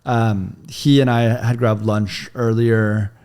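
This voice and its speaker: A man's voice: on the low side, fairly even intonation, slow, a little mellow, clean tone. A man in his thirties, a podcast guest telling a long personal story in a casual, chatty way full of "like" fillers, on a studio mic.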